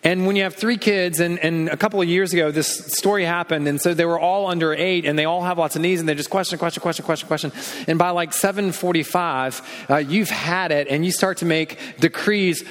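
A man in his thirties preaching a sermon as a pastor, telling stories with animation and dropping low and quiet to stress a point. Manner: animated storytelling, drops low and quiet for emphasis. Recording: long hall reverb.

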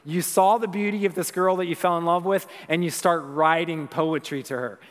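A man's voice: fairly high pitch, fairly even intonation, normal speed. A young man preaching a sermon in a church, talking conversationally and then building into a rhythmic, emphatic recitation. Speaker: pastor. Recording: long reverb of a large hall.

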